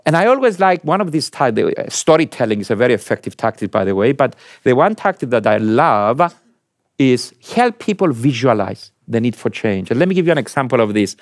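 Animated man giving a lecture. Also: fairly quick, no echo, studio quality. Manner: asks the audience questions, emphatic rising pitch.

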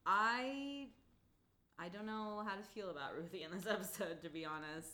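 A woman's voice: medium pitch, normal speed, pushed and bright. A woman co-hosting a podcast, casually recapping a TV episode, chatty and laughing often with lots of "like". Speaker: podcast co-host.

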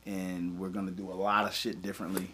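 A man in his twenties from who hosts the podcast, teasing his friends and dropping his voice low when he makes announcements. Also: level tone, quick pace, sharp tone, slight background noise. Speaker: podcast co-host. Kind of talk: casual chat.

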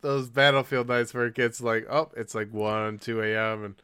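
A male podcast co-host chatting casually at a middle pitch. He rambles through gaming stories and keeps breaking into laughter, all on a dry, close recording with no room sound. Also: fairly even intonation, normal speed, fairly bright tone, clean tone, dry recording. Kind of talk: casual chat.

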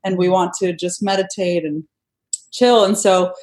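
A woman's voice: fairly low pitch, fairly even intonation, unhurried, a little mellow. A young adult woman, a guest, earnestly telling her own love story in a casual conversation.

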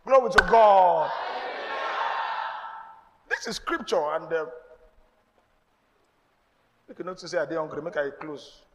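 A man's voice: fairly high pitch, expressive, moderate pace, pauses often, a bit bright. A man with a Nigerian accent, a pastor preaching a sermon with emphatic call-and-response to the congregation. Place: church. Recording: long reverb in a large hall.

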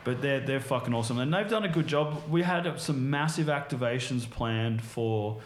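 A man in casual chat, spinning long, rambling stories and swearing nearly every few words. His voice sits in an ordinary middle pitch for a man. The room around him gives it a noticeably echoey, reverberant sound. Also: moderate pace. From Australia. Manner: rambling, heavily profane storytelling full of fillers. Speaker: podcast guest. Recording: roomy echo.

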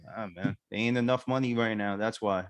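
A man's voice: on the low side, steady tone, brisk. A man co-hosting a podcast, talking in an easygoing, slangy way. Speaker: podcast co-host. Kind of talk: casual chat.

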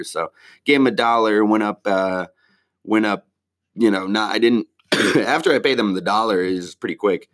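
A man with a deep, low voice talks casually and at length, rambling from one point to the next. He swears constantly and drops slang as he goes. He sounds like a comedian recapping his week for his regular audience. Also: moderate pace. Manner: rambling, heavy swearing, laid-back slang. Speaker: stand-up comedian.

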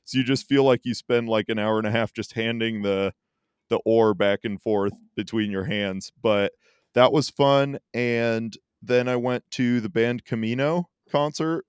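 Brief: male podcast co-host, chatty rambling storyteller, crisp clear voice, dry close sound. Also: medium pitch, measured pace, dry recording. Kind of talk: casual podcast chat.

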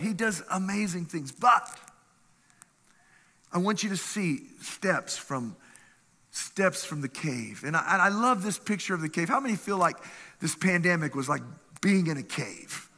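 A man preaching with animated energy and a high, bright, forceful voice. He reads scripture and calls out questions to the congregation. His voice carries a long hall reverb. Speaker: pastor. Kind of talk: sermon.

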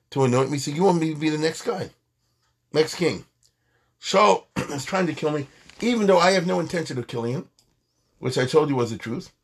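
Man, Torah lecture, husky voice, lively swooping pitch, conversational. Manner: animated, conversational, acts out quotes. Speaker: Torah teacher.

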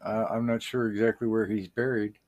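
A man's voice: on the low side, little pitch movement, brisk, darkish tone. A man co-hosting a comedy podcast, explaining things in folksy, ungrammatical talk with mock authority. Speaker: podcast co-host.

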